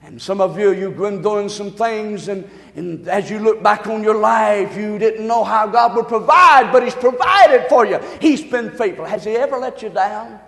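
A male pastor preaching a sermon to his congregation, swinging from quiet, hushed lines to loud shouting. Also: sits high, normal speed, creaky, hardly any pauses, long reverb tail. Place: large church.

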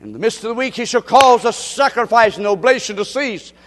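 A man preaching a sermon as pastor, emphatic, repeating phrases and rising to shouts in a church sanctuary. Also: sits high, lively intonation, brisk. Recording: long hall reverb.

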